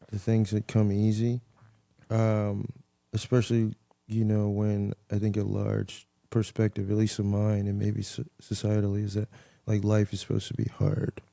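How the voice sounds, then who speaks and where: A man's voice: lowish voice, creaky, mellow, no echo. A man, a comedian guest on a podcast, chatting casually and telling stories in a loose, profane, rambling way.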